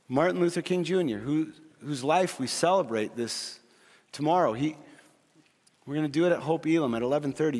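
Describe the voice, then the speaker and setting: A middle-aged man preaching a sermon as a pastor, telling a family story with animated energy before dropping to a quiet, earnest plea. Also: on the high side. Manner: storytelling, shifting from quick excited retelling to quiet earnest pleading. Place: large church hall. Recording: long reverb of a church hall.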